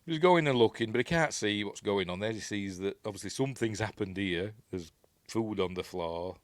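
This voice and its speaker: Yorkshire man, lowish voice, dry close sound, rambling film recap full of asides. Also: moderate pace, no echo. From Yorkshire, England. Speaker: film reviewer.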